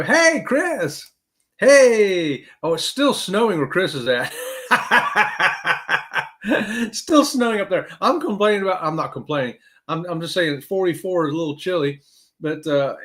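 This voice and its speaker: Animated man hosting a live chat. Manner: animated, talks straight to viewers with "y'all", swoops high for emphasis. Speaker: host of a live cruise chat show. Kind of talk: casual live-stream chat.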